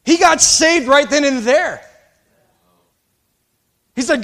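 A male pastor preaching a sermon with passion, swinging between loud exhortation and quiet, confiding asides. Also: extremely high pitch, slow, pauses often.

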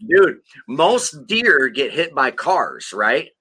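Man, podcast co-host, bright voice, profane rambling stories. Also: fairly high pitch, sing-song, drawn-out words, slightly rough. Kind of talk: casual chat.

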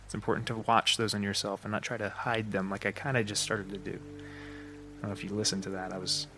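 Low-voiced man musing on a podcast. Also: little pitch movement, brisk, sharp tone, soft background music. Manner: thinking aloud with fillers and restarts. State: slightly shaky, short of breath. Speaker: podcast host. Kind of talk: unscripted solo podcast talk.

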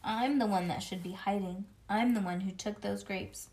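A woman reading the lines of a kind, remorseful female schoolteacher who speaks softly. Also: mid-range voice, moderate pace, lightly acted. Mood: gentle.

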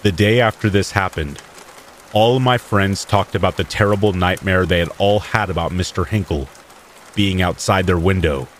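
A man with a lowish voice reads spooky first-person stories in a calm, measured way. Light rain patters steadily under his narration. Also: a little hiss or hum. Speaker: podcast storyteller. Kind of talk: scripted horror story narration.

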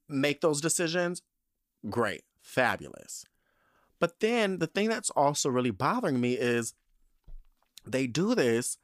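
A man hosting a casual solo podcast, ranting with swearing, exclamations and shrill outbursts. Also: fairly bright tone, dry recording, clean studio sound. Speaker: podcast host.

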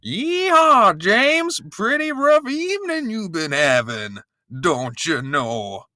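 A man's voice: huge pitch swings, takes it slowly, pushed and bright, dry recording, studio quality, exaggerated voice. A man doing a jokey put-on Southern accent as a smug older host. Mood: mocking. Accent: put-on American Southern. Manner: high drawling parody.

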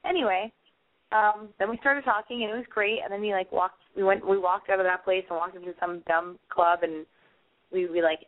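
A woman hosts a call-in dating advice podcast, blunt, playful and casually profane as she rambles. Her voice sits at an ordinary middle pitch. The sound is narrow and tinny, like a phone line. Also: fairly even intonation, fairly quick.

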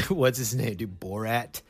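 A man hosting a podcast, telling stories in a loose, lively conversational way. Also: mid-range voice, slow, breathy edge, dry recording. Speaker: podcast host. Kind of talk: casual chat.

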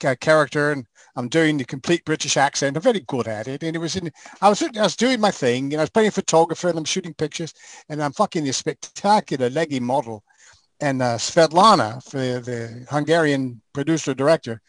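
An older man chatting casually, telling lively stories and acting out the scenes. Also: fairly high pitch, a little fast, no room sound, rough recording. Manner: animated raconteur, acts out scenes. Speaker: guest. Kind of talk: casual storytelling chat.

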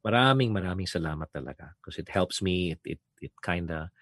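Podcast guest, middle-aged man, very deep and husky, halting and reflective. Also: expressive, no echo. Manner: soft-spoken, halting, reflective. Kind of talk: casual heartfelt conversation.

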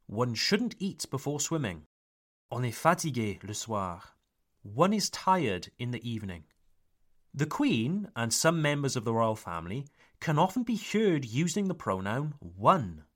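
A man from Wales teaching English in a podcast lesson, pronouncing example words slowly and carefully and switching into French to explain. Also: medium pitch. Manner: slow, careful, exaggerated pronunciation of example words.

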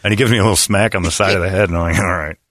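A middle-aged man with a lowish voice, joking through casual on-air banter. His voice is close and dry, with no room sound, and he keeps breaking into silly voices for laughs. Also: very fast, fairly bright tone, dry recording. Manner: joking, jumps into goofy put-on voices. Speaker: radio show co-host.

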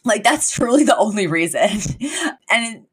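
A woman's voice: a little high, big pitch swings, measured pace, slightly rough. A woman hosting a podcast, giving a casual, chatty recap of a TV episode with lots of fillers. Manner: chatty, filler-heavy retelling with laughs. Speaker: podcast host.

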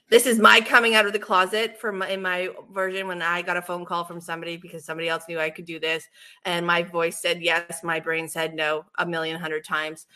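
Bright-voiced woman telling animated stories. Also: lowish voice. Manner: animated storyteller, swings loud and soft. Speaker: co-host, animal communicator. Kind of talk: casual spiritual chat.

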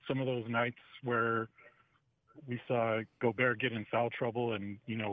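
Halting caller on a tinny phone line. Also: male voice, fairly low pitch, no room sound. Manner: halting, many fillers. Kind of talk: phone-in chat.

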